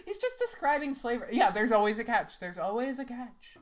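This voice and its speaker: A woman's voice: a little high, sing-song, brisk, a crowd in the background. A young woman making sarcastic, laughing, rambling comments as she reacts to clips.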